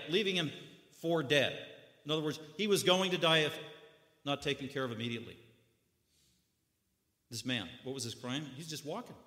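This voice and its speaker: Bright-voiced preacher in an echoey hall. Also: male voice, a little high. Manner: dramatic storytelling with sudden loud bursts and hushed drops. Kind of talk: sermon.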